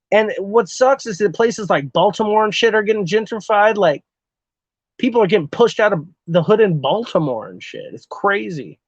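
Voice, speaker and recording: A man from Texas with a fairly high voice talks loosely to his stream chat, swearing freely and breaking into laughs as he rambles from one comment to the next. The sound is dull and lo-fi, dry and close with no room around it. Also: no room sound. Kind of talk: casual live-stream chat.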